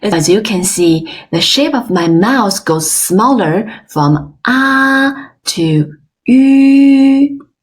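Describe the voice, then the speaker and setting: A woman teaching an online language class, modeling sounds slowly and with exaggerated tones, praising often. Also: fairly high pitch, expressive. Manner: slow, careful, exaggerated tone demonstrations; encouraging, frequent praise. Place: online webinar.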